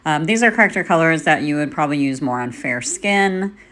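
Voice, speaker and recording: A woman in her forties explains her makeup technique as she works, casual and methodical. Her voice sits low for a woman, and she drops in the occasional filler as she goes. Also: brisk. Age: 40s. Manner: relaxed, talks while working, with "um" fillers. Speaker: makeup artist. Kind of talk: casual tutorial demonstration.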